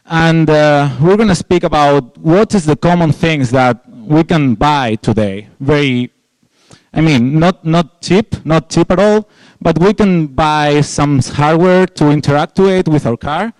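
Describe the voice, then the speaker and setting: A man's voice: on the high side, a little mellow, no echo, low-quality recording. A young man from Spain with a Spanish accent, giving a casual conference talk full of restarts and jokey asides to the audience. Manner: casual, rambling, with many restarts and fillers. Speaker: conference speaker. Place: conference hall.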